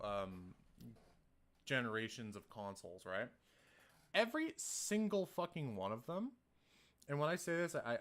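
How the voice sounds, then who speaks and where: A man's voice: fairly high pitch, fairly bright tone. A young man chatting casually on a livestream, rambling and swearing as he rants. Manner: ranting, profane, rambling. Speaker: streamer. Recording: music playing behind.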